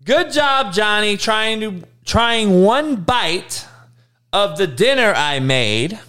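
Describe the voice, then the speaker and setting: A man playing an overly gentle modern parent who talks in a soft, coaxing, patient way. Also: sits high, big pitch swings, slow pace, pitched above the performer's own voice, full character voice.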